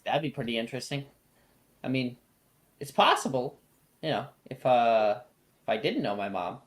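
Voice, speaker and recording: A woman's voice: extremely low pitch, expressive, moderate pace. A woman running a tabletop role-playing game as game master, casual and teasing with her players. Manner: casual, teasing, laughs between lines.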